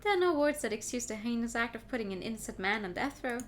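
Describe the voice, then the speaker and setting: A woman's voice: a little high, lively intonation, quick pace, natural voice. Woman voicing Dame Catelyn, cold scornful noblewoman. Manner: cutting, contemptuous.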